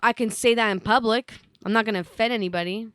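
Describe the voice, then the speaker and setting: A woman with a slightly high voice chatting as a podcast co-host. She teases and giggles her way through the talk. The sound is dry and close to the mic. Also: a bit bright, smooth, no room sound. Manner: giggly, teasing, quick to laugh. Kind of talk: casual chat.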